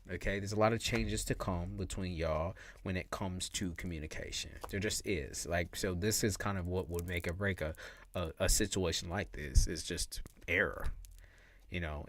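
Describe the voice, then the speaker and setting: A man's voice: low-pitched, normal speed, a bit bright. A man giving casual, slangy tarot readings on a live stream, laughing often and repeating his points. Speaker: tarot reader.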